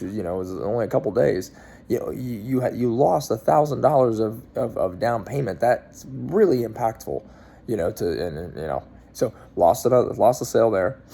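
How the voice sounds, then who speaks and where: A man's voice: mid-range voice, creaky, mellow, slightly rough. A man in his thirties, a car dealer, telling a long story in a casual, rambling way with lots of fillers and restarts.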